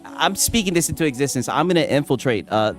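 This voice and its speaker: A man streaming gaming reactions in casual, excitable commentary, swearing often and laughing a lot. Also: on the high side, quick pace, music in the background.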